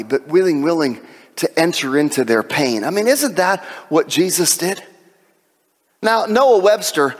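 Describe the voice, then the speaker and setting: High-voiced preaching man in a reverberant hall. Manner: animated preaching with jokes and asides. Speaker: pastor. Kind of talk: sermon.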